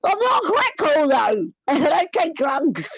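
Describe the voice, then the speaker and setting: A woman's voice: high-pitched, sing-song, unhurried, no room sound. A woman, a guest on a live panel, chatty and defensive. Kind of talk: casual live panel chat. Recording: dull lo-fi audio.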